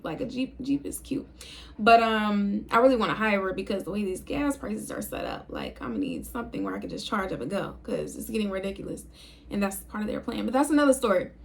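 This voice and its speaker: A young woman talking to her viewers in a low, calm, unhurried way, casual and reflective. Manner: low, calm, chill delivery. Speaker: video creator. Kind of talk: casual talk to camera.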